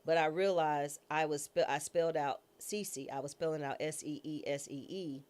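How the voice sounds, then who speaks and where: Speaking at normal speed in a low, steady and slightly mellow voice, the judge recounts a personal episode for her interviewer. Her telling stays frank, slangy and theatrical, and she pokes fun at herself, drawing on her past as a public defender.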